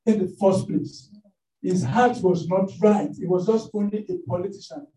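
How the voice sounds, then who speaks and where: Male preacher, sermon storyteller, warm and mellow, animated, recorded from afar in a roomy hall. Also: sits high, normal speed. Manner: animated storytelling with many fillers. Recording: echoey room, mic at a distance.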